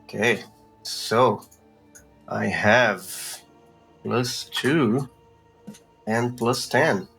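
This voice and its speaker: A man's voice: medium pitch, very slow, gravelly, long pauses, fairly bright tone, husky, faint music behind. A man speaking as a player in a tabletop game, easygoing and a bit hesitant. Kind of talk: casual tabletop game talk.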